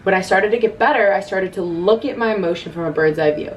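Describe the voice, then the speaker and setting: A woman's voice: medium pitch, quick pace, a little hiss or hum. Earnest chatty young woman, distant mic. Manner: earnest, chatty, quotes her own inner voice. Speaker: self-love vlogger. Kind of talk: casual advice to camera.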